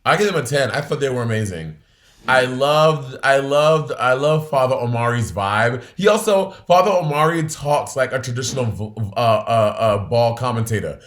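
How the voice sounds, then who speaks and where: A man's voice: mid-range voice, expressive, moderate pace. A man co-hosting a podcast in casual chat, blunt and profane, laughing often. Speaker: podcast co-host.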